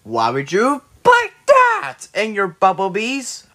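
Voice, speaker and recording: A bright, lively cartoon fellow who bickers nonstop. His voice swoops up and down and sits a touch high. Soft music plays under the scene. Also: slow, exaggerated voice. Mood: bickering. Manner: animated, squabbling. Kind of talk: cartoon voice acting.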